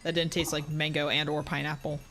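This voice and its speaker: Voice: medium pitch, level tone, fairly quick, background noise. A streamer chatting casually while playing, blunt and swearing freely as they talk to chat.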